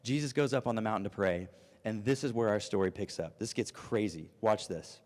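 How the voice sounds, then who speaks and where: A man in his thirties preaching an animated, storytelling youth sermon. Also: lowish voice, brisk. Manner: animated storytelling, acts out voices. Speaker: youth pastor. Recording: long reverb of a hall.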